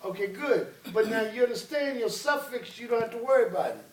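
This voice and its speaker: A man's voice: very high-pitched, lively intonation, brisk. Commanding male teacher. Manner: commanding, drills students call-and-response. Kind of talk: classroom teaching. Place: classroom. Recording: echoey room, voice from far off.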